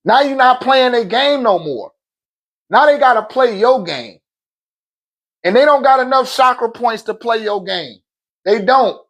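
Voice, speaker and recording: A man with a fairly high voice talks straight into his phone on a livestream. He preaches in loose, slangy bursts and laughs often as he makes his points. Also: animated, a little slow, fairly bright tone. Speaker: livestream host. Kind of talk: casual livestream talk.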